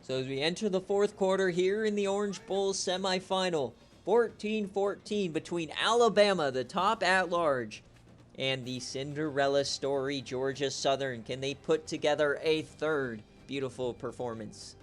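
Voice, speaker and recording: A young man giving play-by-play commentary on a video game football stream, excitable and shouting on big plays. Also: fairly high pitch, moderate pace, soft background music. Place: home setup, streaming.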